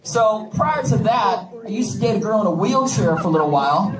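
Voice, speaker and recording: Brisk and lively in intonation, this man's voice sits high as he jokes brashly with the crowd in a stand-up set at a comedy club. A distant mic captures the echoey room, the audience noise, and their laughter.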